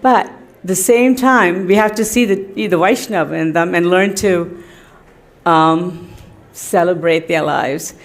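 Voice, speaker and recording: A middle-aged woman with a lowish voice speaks slowly, sharing personal stories as a tribute to her teacher. Her storytelling is chatty and anecdotal, full of fillers, and she laughs often.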